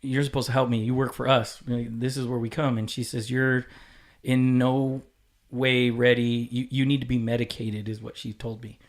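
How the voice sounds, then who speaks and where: Telling a story as a guest on a podcast, this man talks at normal speed in a flat, mid-range voice. He's candid and profane, and he acts out quoted dialogue by mimicking the people involved.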